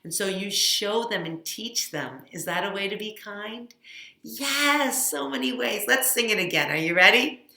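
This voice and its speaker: Animated children's teacher, woman, bright and coaxing, echoey room. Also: medium pitch, measured pace, creaky. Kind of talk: children's church lesson. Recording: roomy echo.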